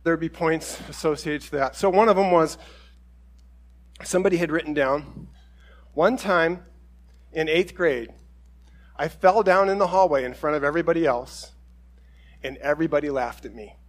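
A man's voice: on the high side, normal speed, pauses often. A man preaching a conversational sermon, telling stories with quoted voices and self-deprecating humor. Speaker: pastor.

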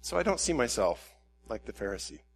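A man's voice: mid-range voice, sing-song, brisk, gravelly, breathy edge. A man preaching a candid, self-questioning sermon and voicing his own inner dialogue. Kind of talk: reflective sermon.

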